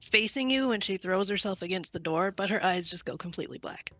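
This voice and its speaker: A woman's voice: mid-range voice, animated, brisk, fairly bright tone. A woman playing a tabletop game, eagerly describing her character's action. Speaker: player. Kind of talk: casual play at a tabletop game.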